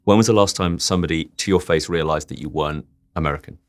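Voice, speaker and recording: A man's voice: very deep voice, fast. A man hosting a casual interview as a film critic, joking and laughing often. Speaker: radio film critic and host.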